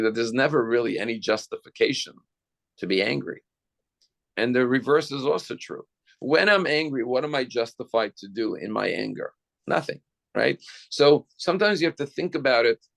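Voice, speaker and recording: Male rabbi, mid pitch with a gravelly edge, teaching style, talks straight to the congregation. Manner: explanatory, addresses listeners directly with rhetorical questions. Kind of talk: sermon.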